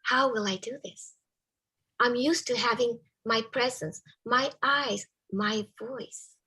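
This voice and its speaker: A woman telling a personal story to a live audience in a soft, measured way, often dropping to a hushed whisper. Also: on the high side, breathy edge, rough recording. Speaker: storyteller, spiritual care volunteer with a therapy dog.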